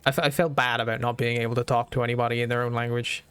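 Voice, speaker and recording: A man's voice: mid-range voice, flat delivery, very fast, fairly bright tone, clean tone, faint music behind. A young Irish man streaming a strategy game, chatting casually and thinking aloud with lots of fillers. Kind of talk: casual gaming stream chat.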